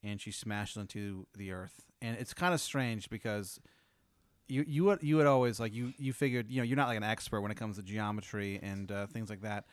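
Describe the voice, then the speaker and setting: A man improvising an absurd comedic scenario, rambling and halting with lots of restarts. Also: lowish voice, fairly even intonation, no room sound. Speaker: host telling a hypothetical.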